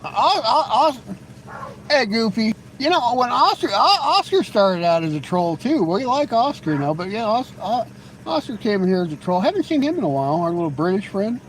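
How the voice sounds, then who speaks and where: Male livestream host, high lively voice, rambling teasing chatter, faint background noise. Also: normal speed, poor audio. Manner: rambling and teasing, with frequent laughs and stammered restarts. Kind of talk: casual live-stream chat with viewers.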